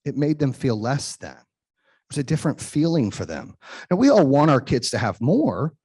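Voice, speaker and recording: Husky-voiced man telling a motivational story. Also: mid-range voice, very animated, normal speed, mellow. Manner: emphatic storytelling, acts out quoted voices. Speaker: podcast host. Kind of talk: motivational monologue.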